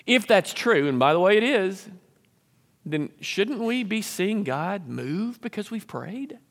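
Guy preaching in a church, kinda high voice, long echo off the walls. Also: big pitch swings, slow pace. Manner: earnest preaching, acts out selfish prayers in a raised voice. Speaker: pastor. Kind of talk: sermon.

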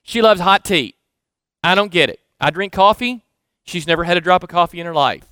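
A middle-aged man with a Southern American accent preaching a sermon conversationally, building up emphatic lists and then dropping to hushed asides. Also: sits high, brisk, clear, resonant tone, no echo, studio quality. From Southern United States. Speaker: pastor.

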